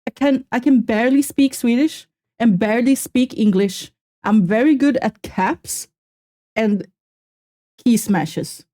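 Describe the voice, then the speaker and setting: Mellow-voiced young woman streamer, chatty. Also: fairly high pitch. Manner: chatty, self-mocking, quick exclamations. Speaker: streamer reacting to a video. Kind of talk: casual live-stream chat.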